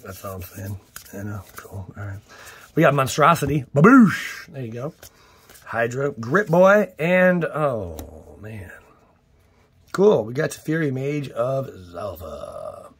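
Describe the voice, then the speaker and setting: A man hosting a casual card-opening video, playful and exclamatory with goofy catchphrases, sometimes dropping to a hushed near-whisper. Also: medium pitch, sing-song, slow pace, husky. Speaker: card-opening channel host. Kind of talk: casual unboxing commentary.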